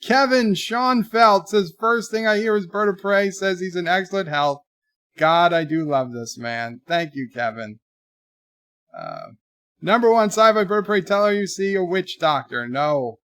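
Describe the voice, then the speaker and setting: A man's voice: a little high, very animated, a little slow, a bit bright, dry recording, studio quality. A man in his forties hosting a livestream, chatting casually and reading viewer messages aloud in a lifted voice. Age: 40s. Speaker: livestream host. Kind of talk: casual live commentary, reading viewer chats.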